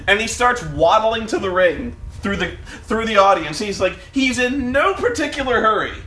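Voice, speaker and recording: Casual podcast co-host, male, high and bright, animated storyteller who acts out scenes, roomy echo. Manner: animated storytelling, acting out wrestlers with shouted impressions. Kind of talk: casual profane chat.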